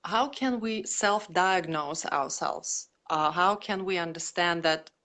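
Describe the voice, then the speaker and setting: Lower-voiced woman interviewer. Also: slow, fairly bright tone. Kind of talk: interview host questions.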